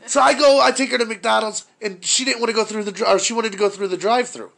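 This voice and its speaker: A man's voice: high voice, fairly even intonation, fast, creaky, a bit bright. A man telling a profane, exasperated story about his day in casual chat.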